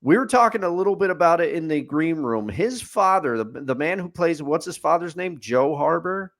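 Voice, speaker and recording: A man's voice: fairly high pitch, expressive, normal speed. A man co-hosting a podcast, giving an opinionated, rambling movie review in casual chat with fillers and restarts. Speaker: podcast co-host. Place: studio.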